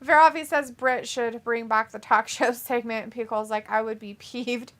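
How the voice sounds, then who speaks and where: A woman's voice: a little high, fairly even intonation, moderate pace, fairly bright tone. A woman co-hosting a casual live stream, reading viewer comments aloud in a blunt, profane way and laughing often. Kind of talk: casual chat.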